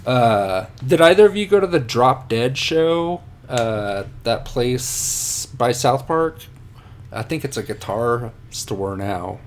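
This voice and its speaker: A man's voice: mid-range voice, expressive, slow pace, slight background noise. A man telling rambling, profane stories about himself as a podcast guest. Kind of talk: casual podcast storytelling.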